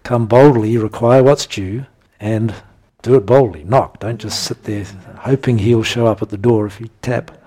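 Husky-voiced man preaching a sermon. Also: fairly low pitch, moderate pace, hardly any pauses. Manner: emphatic, animated bursts with chuckles. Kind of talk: sermon teaching.

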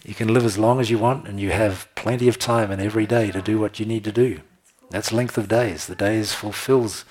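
A man's voice: lowish voice, slightly rough. A man preaching a sermon, reading scripture aloud and commenting with frequent laughter.

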